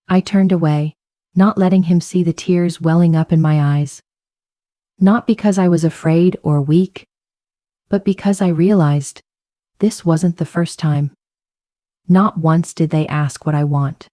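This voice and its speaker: A woman with a low, mellow voice tells a first-person story in a calm, measured tone. The recording is dry and close. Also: no echo. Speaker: narrator.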